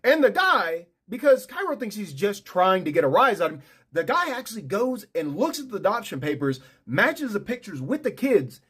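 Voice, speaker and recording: An animated storyteller recounts a tabletop campaign in a casual, chatty way. The voice swings widely in pitch and pops into brief character voices for quoted lines. It has a mid-height pitch that does not clearly sound male or female. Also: moderate pace.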